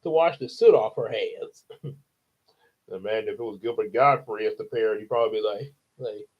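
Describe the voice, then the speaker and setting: Here a man with a fairly low voice and a breathy edge reads from a children's book in a relaxed storybook style, taking his time, laughing, and chatting with his audience between lines. The recording has its highs cut off.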